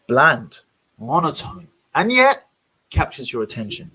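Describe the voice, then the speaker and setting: A man reading passages from a book aloud and breaking off to comment on them in an expressive, animated way. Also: mid-range voice, moderate pace, a little hiss or hum.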